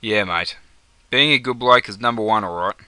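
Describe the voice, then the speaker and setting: Playing the easygoing mate Jono, this young adult Aussie man rattles off slangy banter for a comedy sketch. The lowish voice is sharp yet clean, at a moderate pace, recorded dry.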